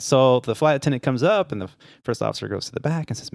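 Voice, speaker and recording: A man co-hosting a podcast, telling a long joke in a casual, animated way and voicing the people in it. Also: medium pitch, fast, creaky, dry recording, clean studio sound. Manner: animated joke-teller, voices the characters. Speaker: podcast co-host. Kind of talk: casual storytelling chat.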